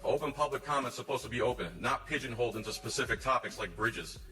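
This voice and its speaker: A man's voice: medium pitch, fast. A man confronting officials in a combative way, citing laws and court cases. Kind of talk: confrontational self-filmed encounter. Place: county meeting room and hallway. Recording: echoey distant hall audio with music.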